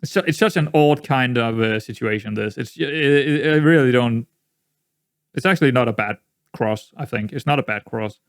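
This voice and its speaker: A man's voice: medium pitch, normal speed, no echo, clean studio sound. A man giving rambling, exasperated commentary while playing a management game, often repeating himself. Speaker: gaming YouTuber. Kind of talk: let's-play commentary.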